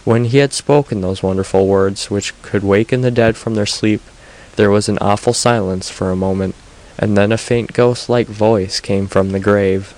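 A man reads old myths aloud in an audiobook, his voice sitting low. His telling is steady and even-paced. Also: normal speed, rough recording. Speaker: narrator.

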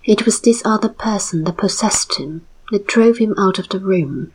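A woman narrates a story in a slow, measured whisper. Her voice is airy and breathy, with a middling pitch, in a whispered story reading. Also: animated, darkish tone, rough recording.

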